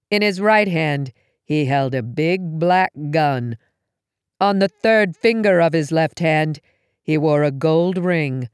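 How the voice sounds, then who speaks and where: A woman reads a first-person story aloud, taking her time and shaping each line dramatically. Her pitch rises and falls in a lively way. The sound is dry, with no room echo. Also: clear, resonant tone. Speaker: audiobook reader.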